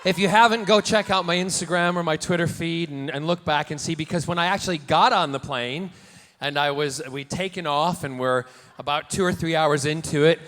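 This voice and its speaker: A man in his forties, a celebrity guest at a convention panel, telling bawdy, campy anecdotes to the crowd with energetic restarts and playful jokes. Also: fairly high pitch, a little fast, few pauses. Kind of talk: live convention Q&A storytelling. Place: large convention hall panel room. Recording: echoey hall with faint noise.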